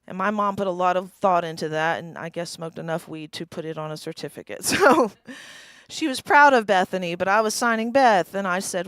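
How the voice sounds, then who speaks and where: A woman's voice: lowish voice, normal speed, a bit bright, clean tone, dry recording. A woman in her forties performing a stand-up comedy set, wry and self-deprecating, often laughing at her own jokes. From East Tennessee. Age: 40s. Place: small live comedy venue.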